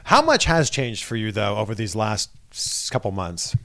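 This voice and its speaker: A man's voice: lowish voice, wildly swooping pitch, moderate pace, vocal fry, fairly bright tone. A man from Canada hosting a casual, upbeat interview and laughing often. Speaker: interviewer host.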